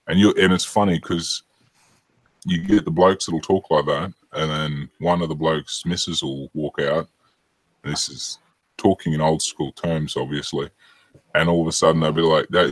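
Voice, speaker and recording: A man talks in a very deep, husky voice. He rambles in a casual chat, sprinkling in swear words. The sound is dry and close. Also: fairly even intonation, normal speed, dry recording, low-quality recording.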